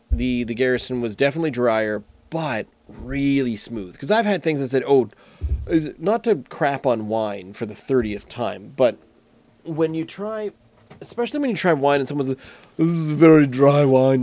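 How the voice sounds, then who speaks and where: A man's voice: mid-range voice, no room sound. Rambling, joking man talking beer. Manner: rambling, self-correcting, jokey. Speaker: beer reviewer. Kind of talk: casual solo talk.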